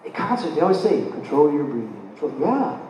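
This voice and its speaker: A man giving a live spiritual lecture, telling his own stories in an animated way and acting out his reactions. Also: a little high, fast talker. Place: lecture hall. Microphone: recorded from the audience. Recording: very echoey room, voice from far off, faint room noise.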